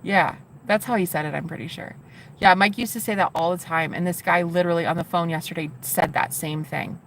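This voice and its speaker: A woman live streamer chatting casually with her viewers, gushing and excitable, with casual swearing. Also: on the low side, brisk, a little hiss or hum.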